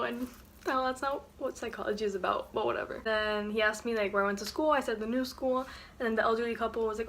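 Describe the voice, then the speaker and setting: A woman's voice: fairly high pitch, quick pace. A young woman vlogging from her dorm room at night, telling a story casually with lots of filler words. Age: young adult. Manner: chatty, lots of "like" fillers, animated retelling. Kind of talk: casual story time vlog.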